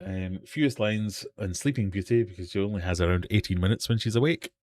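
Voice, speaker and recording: A man's voice: fairly low pitch, fairly quick, darkish tone. A man hosting a casual live stream from his fish room, rambling and self-deprecating as he chats and runs a quiz. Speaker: host of a live fishkeeping hangout stream.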